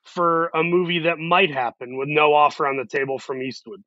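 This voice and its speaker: Guy telling an animated story, kinda higher voice, dull lo-fi dry sound. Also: no echo. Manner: animated, acts out quotes in quick voices. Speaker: actor guest. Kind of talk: storytelling interview talk.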